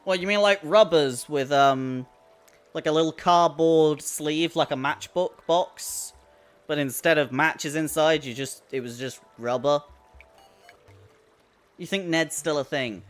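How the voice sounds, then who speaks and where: Chatty streamer with a lively voice. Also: mid-range voice, a little slow. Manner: chatty, rambling, laughs often, swears casually. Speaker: streamer playing a video game. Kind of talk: casual live-stream chat. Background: faint in-game music.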